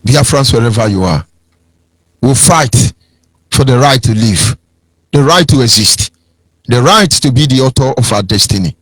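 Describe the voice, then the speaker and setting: A man's voice: medium pitch, expressive, normal speed, long pauses, a bit bright, breathy edge, no echo. A man with a Nigerian accent giving an impassioned, preachy political talk on radio, swinging into sing-song mockery. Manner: preachy, sing-song, mocking impressions of others. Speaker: radio broadcast speaker.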